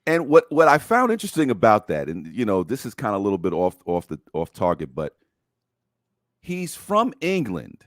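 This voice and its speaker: A man's voice: fairly low pitch, wildly swooping pitch, normal speed, no echo, studio quality. A man co-hosting a casual talk show, who rambles, searches for words and laughs often. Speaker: co-host. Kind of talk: casual chat.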